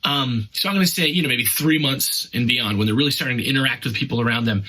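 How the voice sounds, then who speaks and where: A man's voice: medium pitch, lively intonation, quick pace, pushed and bright, breathy edge, poor audio. A middle-aged man hosting a podcast, giving casual, chatty parenting advice in an upbeat way. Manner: upbeat, chatty, acts out scenes with whispers and cries. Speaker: podcast host.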